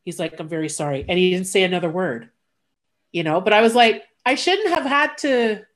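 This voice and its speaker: A woman's voice: mid-range voice, moderate pace. A woman talks casually with a friend, recounting a personal story in a candid, blunt way. She trips over her words and restarts often, and she acts out each exchange by quoting what everyone said. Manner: candid, animated retelling with quoted voices, blunt.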